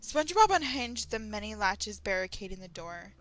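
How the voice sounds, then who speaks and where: A woman from Texas reading fan fiction aloud as a channel host, in an animated way and often breaking off to react. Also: medium pitch, normal speed, low-quality recording. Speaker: story reader, channel host.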